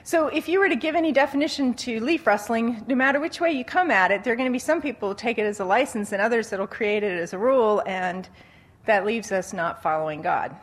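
Animated woman teaching on relationships. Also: fairly high pitch, fairly quick. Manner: animated storytelling, acting out quotes, laughs often. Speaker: Christian speaker on dating. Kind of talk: conversational teaching talk.

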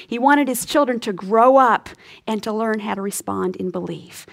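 A woman Bible teacher giving an earnest radio lesson, often dropping to a soft, breathy hush for emphasis, and closing in prayer. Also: medium pitch.

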